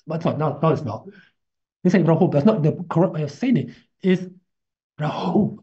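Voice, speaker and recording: A man teaching a casual spoken lesson, slow and halting, repeating himself as he explains and chanting drawn-out syllables to show them. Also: fairly high pitch, lively intonation, warm tone, husky. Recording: dull lo-fi recording.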